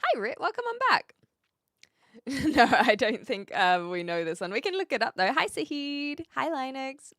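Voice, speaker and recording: A chatty woman streamer from New Zealand, with a light Kiwi accent and a bouncy, lively pitch that rises and falls a lot. She talks casually to her viewers and laughs easily. The sound is close and dry, with no room echo. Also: measured pace. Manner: chatty, laughs often, answers viewers' chat messages. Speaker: live streamer. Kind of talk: casual live-stream chat.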